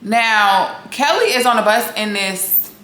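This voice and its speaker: A woman's voice: medium pitch, animated, takes it slowly, bright, forceful tone. Blunt, sassy woman in an echoey room. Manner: blunt, sassy, profane, talks straight to viewers. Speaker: reality TV recap host. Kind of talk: casual opinionated recap. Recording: echoey room with faint noise.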